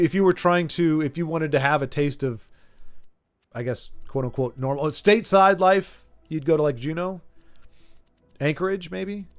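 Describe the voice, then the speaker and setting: Chatting informally with his viewers during a gaming stream, this man rambles and fumbles his words. His voice is a little high with a fairly bright tone.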